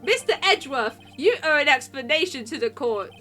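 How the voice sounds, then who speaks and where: A woman's voice: sits high, lively intonation, fairly quick, pushed and bright, faint music behind. A woman voicing an earnest young male defense lawyer in a video game, speaking emphatically.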